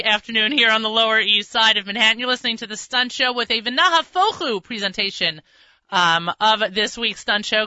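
A woman's voice: on the high side, pushed and bright, dry recording. Woman radio host, chatty and self-mocking, vivid, cutting voice, dry, slightly muffled broadcast sound. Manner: chatty, trips over words, self-mocking. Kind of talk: casual radio chat. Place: radio studio.

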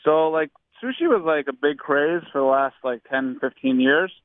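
A man with a Baltimore accent calling in as a guest, talking in a relaxed way with lots of fillers. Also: fairly high pitch, normal speed, no room sound. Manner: relaxed, uses many fillers like "like". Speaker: guest on the phone. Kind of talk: casual radio phone interview. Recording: tinny phone line.

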